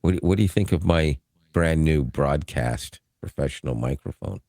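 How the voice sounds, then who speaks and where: A man's voice: extremely low pitch, normal speed, darkish tone, dry recording. A man co-hosting a casual podcast chat on a broadcast dynamic microphone. He rambles, restarts himself and laughs often. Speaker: podcast co-host.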